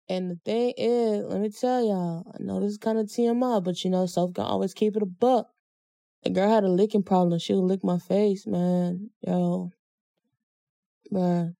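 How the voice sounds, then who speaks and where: A young woman hosts her podcast in a blunt, slangy, animated way. Her voice has a gravelly fry and a mellow tone. The recording is dry. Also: medium pitch, moderate pace, no echo. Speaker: podcast host. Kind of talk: casual chat.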